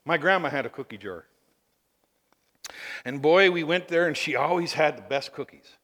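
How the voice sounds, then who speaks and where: A male preacher delivers an animated sermon in a high, bright, ringing voice. He swings between loud bursts and near-murmurs, pausing to ask the congregation questions. The sound carries a long tail of reverb from a large hall.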